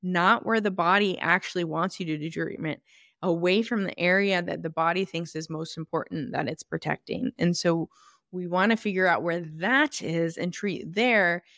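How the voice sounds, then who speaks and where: Woman podcast host, lowish voice, casual and emphatic, self-correcting, close dry mic. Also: moderate pace, a bit bright, no echo. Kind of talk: solo podcast talk.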